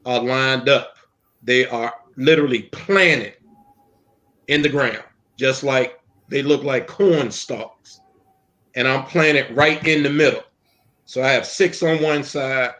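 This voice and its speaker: A male minister shares his personal testimony during an interview, telling it earnestly like a story with many pauses and ums. His voice sits at a medium pitch with a fairly bright tone.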